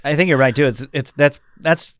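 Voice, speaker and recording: Joking dad rambling through anecdotes. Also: male voice, fairly high pitch, brisk, no room sound, studio quality. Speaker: podcast co-host, father. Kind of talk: casual chat.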